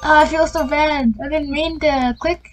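A woman's voice: high-pitched, fairly even intonation, moderate pace, faint music behind, pitched above the performer's own voice, natural voice, rough recording. A woman voicing a sad, guilty homeless boy in a video game, pleading and apologetic. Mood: mournful.

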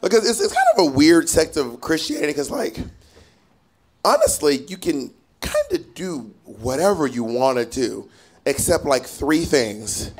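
A man performing a stand-up comedy set, animated and sassy, with lots of profanity. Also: fairly high pitch, a little slow. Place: comedy stage before a live audience. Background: faint audience laughter.

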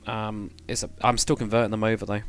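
A man's voice: fairly low pitch, level tone, fast talker, a bit bright, clean tone, faint music behind. A man casually chatting on a game livestream, thinking aloud while building and answering chat. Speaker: game streamer.

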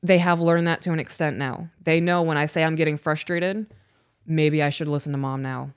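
A woman's voice: low-pitched, fairly even intonation, moderate pace, clear, resonant tone, dry recording, studio quality. A woman co-hosting a podcast in casual chat, frank and swearing freely as she tells stories. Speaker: podcast co-host.

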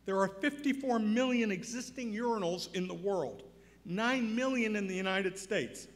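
An older man giving an award acceptance speech, telling a story and building to loud emphatic points. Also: sits high. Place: large banquet hall. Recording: reverberant hall.

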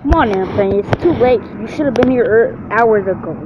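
A man's voice: high voice, fairly quick. Dude trash talking thru his game, swears nonstop, kinda muffled cheap mic sound. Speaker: gamer. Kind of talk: profane let's-play commentary. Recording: dull lo-fi recording with faint hiss.

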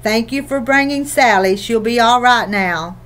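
A woman's voice: fairly high pitch, unhurried, a bit bright. Woman playing a curt, stern older woman. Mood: impatient. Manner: curt and clipped. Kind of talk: audiobook character reading.

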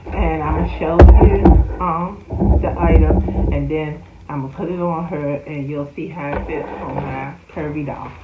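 A woman's voice: low-pitched, fairly even intonation, unhurried, over loud music. A woman, chatting casually about her doll hobby in a vlog, full of fillers and small laughs. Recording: slightly dull, roomy home recording.

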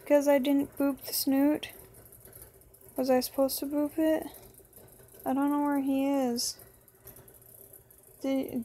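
High-voiced, slow-talking woman gamer. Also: warm tone. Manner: playful, talks to the game character. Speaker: gaming channel host. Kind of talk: horror game commentary.

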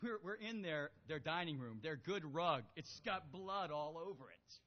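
A man preaching a sermon, animated, moving from quiet storytelling to loud exhortation. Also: on the high side, normal speed. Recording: lo-fi with long hall reverb.

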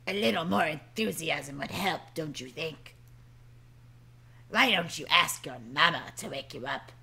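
A woman's voice: low voice, animated, unhurried, vocal fry, bright, forceful tone, breathy edge, pitched below the performer's own voice, full character voice. A woman voicing a stern adult male coffee shop boss who scolds and mocks a late worker. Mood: scolding. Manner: scolding, sarcastic.

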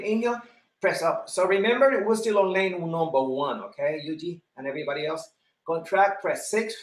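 A man's voice: a little high, a bit bright, reverberant. A man leading a live online exercise class, counting repetitions, cueing breathing and encouraging students by name. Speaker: fitness instructor.

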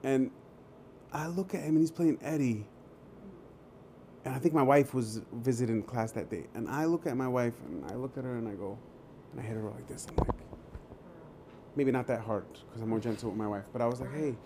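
A man with a mellow, dark-toned voice, mid-pitched, telling a story over a video call. He talks in a loose, animated way. He drops in profanity and acts out the lines he said back then. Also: fairly quick, long pauses, a little hiss or hum. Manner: animated, loose, swears freely, acts out quoted dialogue. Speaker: actor, guest. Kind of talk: casual storytelling.

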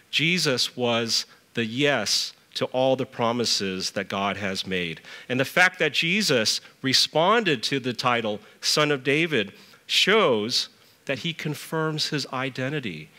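A middle-aged man, a church elder, preaching a sermon and telling stories, with lively rises in pitch when he stresses a point. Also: long reverb tail.

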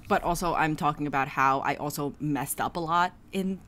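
A woman's voice: sits low, moderate pace, a bit bright. A young woman chatting casually in a crafting vlog, rambling with many "like" fillers. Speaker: crochet vlogger. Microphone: camera mic, no clip-on.

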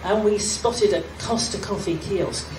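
A woman's voice: mid-range voice, a little slow. A British woman telling a self-mocking comic story on stage at a fan festival, laughing as she goes. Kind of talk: comic anecdote told on stage. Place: hall at a fan gathering. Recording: distant echoey hall, loud crowd, noise.

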